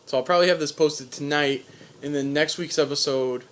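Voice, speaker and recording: A man's voice: on the high side, fairly even intonation, fairly quick, a bit bright. A young man co-hosting a podcast, casually retelling a TV episode with loose, profane mock dialogue. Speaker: podcast co-host. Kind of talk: casual recap chat.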